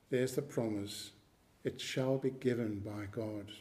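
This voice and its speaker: Slow, emphatic male preacher. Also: mid-range voice, darkish tone. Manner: slow, emphatic, repeats key phrases; clears his throat now and then. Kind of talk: sermon.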